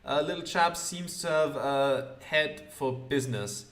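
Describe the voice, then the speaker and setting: A man's voice: on the high side, measured pace, fairly bright tone. A man hosting a let's play, chatting casually and reading game text aloud with frequent hesitations. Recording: roomy echo.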